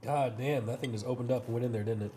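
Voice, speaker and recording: A man's voice: mid-range voice, steady tone, fast, mellow, a little hiss or hum. A man tasting food and joking around in a home kitchen, swearing freely as he teases. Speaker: guest taste tester. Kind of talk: casual chat.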